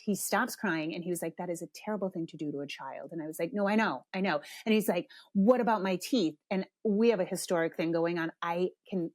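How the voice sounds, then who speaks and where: A woman's voice: mid-range voice, dry recording. Middle-aged woman host, candid storyteller, swears freely, dry close mic. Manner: animated, drops to hushed whispers for asides. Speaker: podcast host. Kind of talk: casual storytelling.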